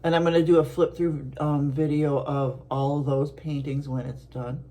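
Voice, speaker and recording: A middle-aged woman from Buffalo, New York, chatting casually to her viewers as an art vlogger, rambling along with soft laughs and restarts. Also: deep voice, flat delivery, moderate pace. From Buffalo, New York, USA.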